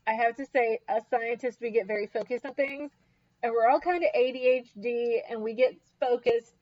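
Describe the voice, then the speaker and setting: A woman co-hosting a casual book discussion, lively and quick to act out characters' lines. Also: on the high side. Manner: animated, acts out quoted characters, frequent laughs. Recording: dull lo-fi recording.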